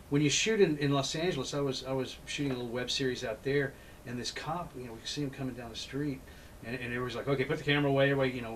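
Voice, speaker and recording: A man with a mid-range voice hosts a casual talk show, spinning long, rambling stories that keep restarting. The recording is rough, with slight background noise.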